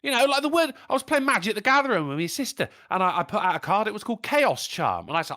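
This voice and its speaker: Animated British man, lively pitch. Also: fast talker, few pauses. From Britain. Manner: swearing, animated, laughs often. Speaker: podcast co-host. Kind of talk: casual chat.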